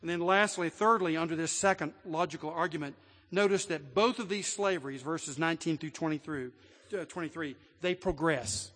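A man preaching a sermon with a notably high voice. His delivery moves from quiet storytelling to emphatic declarations. A long reverb from a large hall trails behind every phrase. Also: moderate pace. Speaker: pastor.

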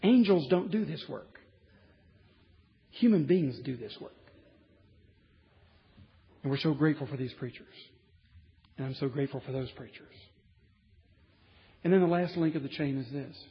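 A man with a high voice preaching a sermon in a church sanctuary. He talks conversationally, rising to emphatic points with the odd wry aside. The sound rings with long reverb and is muffled. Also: expressive, normal speed, long pauses.

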